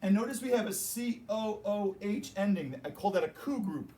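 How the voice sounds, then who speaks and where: A man's voice: high-pitched, lively intonation, moderate pace, dark tone. A man teaching a chemistry class, explaining and joking with his students as he goes. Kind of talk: classroom lecture.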